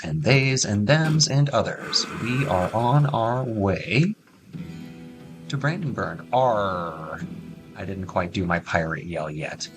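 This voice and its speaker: A man's voice: low voice, fairly bright tone, poor audio. Chatty man narrating gameplay over music. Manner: chatty, addresses viewers with jokey asides. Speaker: gaming streamer. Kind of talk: casual gameplay commentary. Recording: music playing behind.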